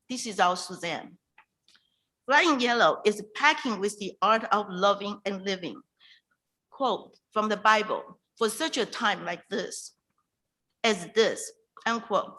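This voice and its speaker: A woman hosting a virtual reading night, introducing a poet in an emotional, halting way over a video call. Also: medium pitch, pushed and bright, rough recording. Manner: emotional, halting, with restarts and pauses. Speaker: event host introducing a poet.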